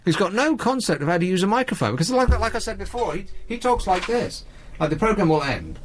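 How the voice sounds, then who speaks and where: Man, radio host, wry rambling monologue, slightly high, very lively pitch. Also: fast, a little hiss or hum. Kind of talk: late-night radio monologue.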